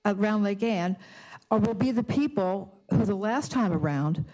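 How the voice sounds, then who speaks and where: Older woman, resident at a board meeting, indignant, emotional, halting restarts. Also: mid-range voice, animated, mellow. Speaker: resident giving public comment. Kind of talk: public comment at a community board meeting.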